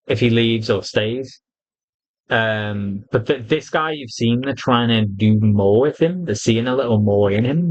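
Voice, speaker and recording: Male reviewer, mid-pitched, blunt and profane, animated retelling. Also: low-quality recording. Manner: blunt, sweary, animated retelling with quoted voices. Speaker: wrestling reviewer. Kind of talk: casual opinionated review.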